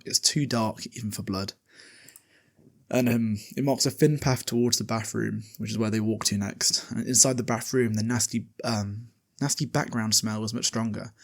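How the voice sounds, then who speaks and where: Chatty low-voiced man with gravelly fry. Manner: loose and chatty, swears, lots of fillers. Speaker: podcast host summarizing a book. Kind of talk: casual book recap with read-out passages.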